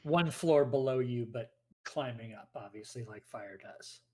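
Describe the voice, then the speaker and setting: A man's voice: mid-range voice, measured pace, mellow. A man running a tabletop role-playing game as game master, narrating scenes and explaining rules plainly.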